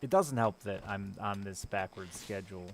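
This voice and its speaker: Male game streamer, gravelly, wry and self-mocking, talking to chat into a desk mic. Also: fairly low pitch, normal speed, a little hiss or hum. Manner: sardonic, self-deprecating, talks to chat. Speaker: live streamer. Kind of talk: casual chat while playing a game on stream. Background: game music.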